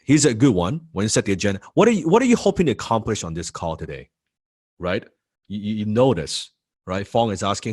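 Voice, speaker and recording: A man's voice: on the low side, brisk. A man teaching a sales training lesson, repeating key points and acting out what prospects say. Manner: animated, repeats key phrases, acts out prospects' replies.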